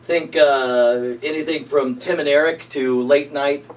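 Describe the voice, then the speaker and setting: A man chatting casually on set, relaxed and joking as he thinks aloud. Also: fairly high pitch, unhurried, far from the mic. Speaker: comedic performer. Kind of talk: casual behind-the-scenes chat.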